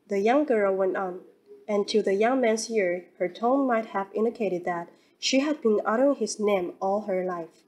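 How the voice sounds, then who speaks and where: A woman reading a classic novel aloud as narrator, in a steady, even storytelling manner. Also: mid-range voice, moderate pace, rough recording. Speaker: audiobook narrator.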